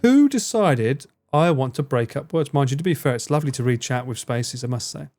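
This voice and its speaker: A man's voice: mid-range voice, lively intonation, brisk, a little mellow, faint music behind. A man in casual live-stream chat, rambling, swearing freely and laughing often as he answers his chat. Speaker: livestreamer.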